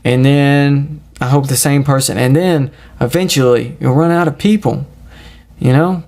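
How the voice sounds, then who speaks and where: A man talks through a solo podcast in a crude, profane, rambling rant. His voice sits at an ordinary pitch, with a gravelly rasp running through it. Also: measured pace, a little mellow. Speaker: podcast host.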